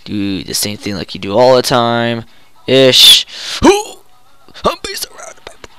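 Gamer, goofy live commentary, excitable, lively pitch swings. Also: measured pace. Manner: excitable, jokey, yells and groans at the play. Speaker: gamer playing a hockey video game.

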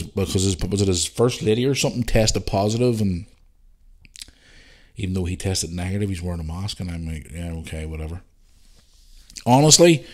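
A man hosting a podcast, chatting casually and bluntly while reading out listener messages. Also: on the low side. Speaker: podcast host.

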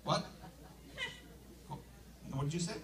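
A man doing a live stand-up routine with an animated, punchy delivery and sudden shouts, recorded from a distance in an echoey live venue with a loud crowd. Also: takes it slowly, background noise. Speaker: stand-up comedian.

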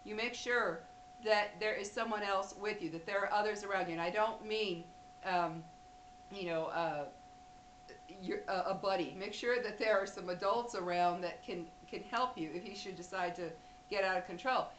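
A woman's voice: medium pitch, normal speed, fairly bright tone, echoey room, slight background noise, rough recording. A woman vlogger talking straight to camera, blunt and emphatic, speaking directly to women viewers. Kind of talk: direct-to-camera advice talk.

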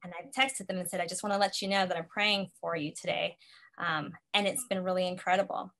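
A woman's voice: fairly low pitch, steady tone, fairly quick, fairly bright tone. A woman ministry facilitator giving an earnest teaching talk, telling personal stories and quoting her own prayers.

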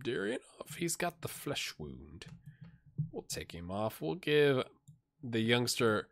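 A man doing a tired but excitable, jokey play-by-play while he plays a game on video, with asides to his viewers. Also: medium pitch, slow, gravelly. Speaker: gaming YouTuber. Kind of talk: let's play commentary.

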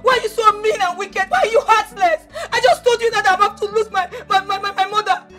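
An actress with a Nigerian accent playing a desperate young woman who pleads tearfully with her uncle and breaks into shouting. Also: very high voice, fast, soft background music. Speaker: desperate daughter. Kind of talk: Nollywood film drama.

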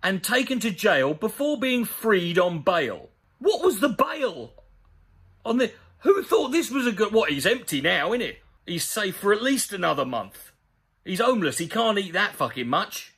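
A man's voice: sits high, normal speed, breathy edge. A man giving a sweary, sarcastic comedic rant about a news story. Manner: sweary, sarcastic, animated ranting. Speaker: comedy commentator.

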